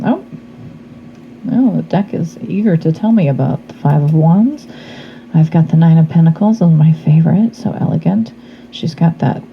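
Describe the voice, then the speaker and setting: A slightly hoarse woman reading tarot cards in a casual vlog, talking in a chatty, meandering way that trails off into fillers. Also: deep voice, muffled recording, slight background noise. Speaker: tarot reader.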